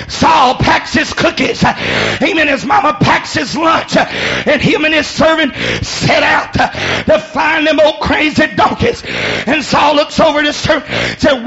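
A man preaching a shouted sermon in church, whooping and calling on the congregation to respond. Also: extremely high pitch, very animated, measured pace, gravelly, muffled recording, soft background music. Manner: hollers and whoops, calls for response. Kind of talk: shouted Pentecostal-style sermon with storytelling.

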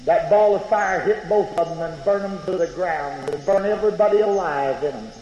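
A revival preacher tells his testimony with swings from loud, urgent outbursts to hushed tones. His fairly high voice rings out under a large tent, with a roomy echo and long reverb. Faint noise hums underneath. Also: moderate pace, lo-fi sound. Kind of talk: sermon testimony.

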